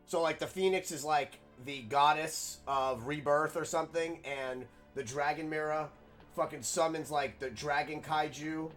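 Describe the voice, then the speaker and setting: A young man giving casual, excitable, rambling game commentary, swearing now and then. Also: fairly high pitch, measured pace, soft background music. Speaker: game streamer. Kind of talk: casual let's-play commentary.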